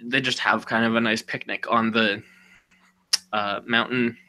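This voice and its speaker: A man's voice: on the low side, little pitch movement, unhurried, sharp tone. A man co-hosting a podcast, casually retelling a story with lots of "you know" and "like", acting out the characters' lines. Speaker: podcast co-host.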